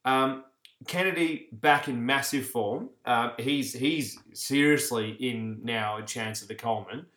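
A man's voice: medium pitch, measured pace, fairly bright tone. Chatty Australian man, echoey room. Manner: chatty storyteller, laughs while talking. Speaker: podcast co-host. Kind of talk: casual chat.

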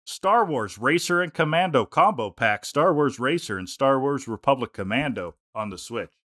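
A podcast co-host with a medium-pitched, fairly bright voice jokes around in a casual chat, laughing often. He is animated and speaks at a moderate pace, and the recording is dry and studio quality.

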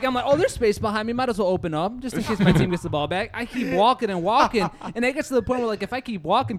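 A young man telling a story in a casual chat with friends, animated and laughing, acting out what people said. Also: high voice, fast talker. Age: young adult. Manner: animated, storytelling, acts out quotes, laughs often.

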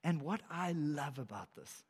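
A high-voiced man preaches a sermon, animated and storytelling, throwing himself into each line he quotes. His voice rings out through a large hall with a long, echoing reverb. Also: a little slow, husky. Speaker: pastor.

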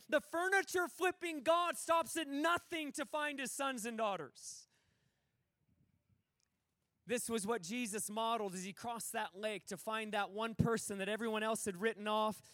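A man's voice: very high voice, a bit bright, no echo, studio quality. A middle-aged man preaching a passionate, emphatic sermon, acting out the quoted dialogue from the stories he tells. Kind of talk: conference sermon.

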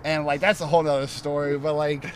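A man's voice: a little high, fast. Rambling, profane man telling stories. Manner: rambling, profane, heavy on filler words; animated storytelling. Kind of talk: casual podcast chat. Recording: loud crowd noise behind.

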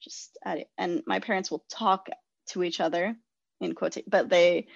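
A woman's voice: on the low side, steady tone, moderate pace, vocal fry, no echo, highs cut off. A woman talking casually and openly, with lots of filler words and a self-deprecating manner. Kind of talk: casual conversation.

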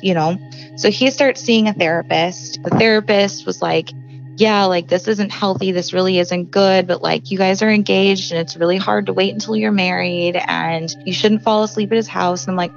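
A woman's voice: medium pitch, gravelly, muffled recording. A young woman from the Chicago suburbs telling a personal story in a conversational way, full of "like" and acted-out dialogue. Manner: conversational, frequent "like" fillers, acts out quoted dialogue. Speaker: guest telling her story.

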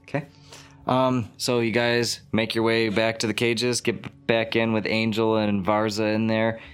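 A man with a fairly low voice running a tabletop game, describing the scene in an easy, unhurried way. Faint music plays underneath. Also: clean tone. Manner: relaxed, descriptive, with fillers. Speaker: game master.

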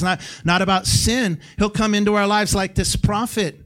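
A middle-aged man preaching in a church sanctuary, his voice sitting a little high for a man. He talks to the congregation like a friend, with bursts of loud emphasis and then quiet, hushed lines. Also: fairly even intonation, normal speed, hardly any pauses. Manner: conversational preaching with sudden shouted peaks and hushed drops. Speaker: guest pastor. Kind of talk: sermon.

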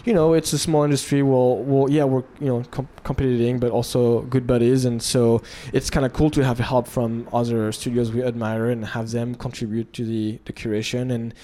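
Male studio founder, mellow tone, hesitant and thoughtful, casual interview delivery. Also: mid-range voice, flat delivery, normal speed, hardly any pauses. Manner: thoughtful, hesitant, with frequent restarts.

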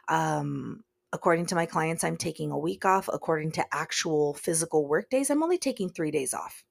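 A woman hosting her own podcast in a recording studio, talking in a chatty, joking, self-deprecating way with sudden loud bursts. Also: fairly low pitch, vocal fry. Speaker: podcast host. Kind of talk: casual solo podcast chat.

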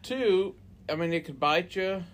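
A man's voice: high voice, unhurried, a little hiss or hum. A man in casual chat who keeps nudging his co-host to tell the story. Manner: prompting, eager interjections.

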